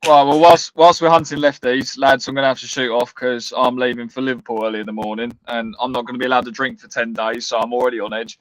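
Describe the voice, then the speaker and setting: A man talks fast and jokes around with the others on a livestream. His voice is mid-pitched, and the sound is dry and close. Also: flat delivery, no room sound, poor audio. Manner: quick, jokey, says "lads". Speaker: guest. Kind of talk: casual chat on a livestream.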